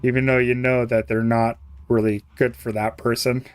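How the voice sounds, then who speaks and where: A man's voice: mid-range voice, level tone, normal speed, smooth, no echo. Rambling, chuckling male game streamer. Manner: rambling, chuckles often, trails off and restarts. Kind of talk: casual live-stream chat while playing.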